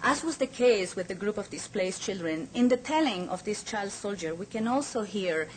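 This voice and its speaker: A woman's voice: mid-range voice, lively intonation, normal speed, slight background noise, rough recording. A woman speaker giving a lecture at an academic forum, in an earnest, emphatic manner. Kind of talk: conference lecture.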